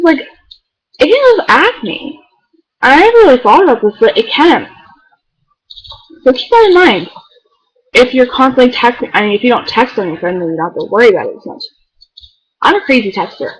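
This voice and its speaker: A woman's voice: fairly high pitch, animated, moderate pace, pauses often, breathy edge, dull audio. A teenage girl chatting casually to the camera, rambling and filling her talk with "like". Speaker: beauty vlogger. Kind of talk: casual chat.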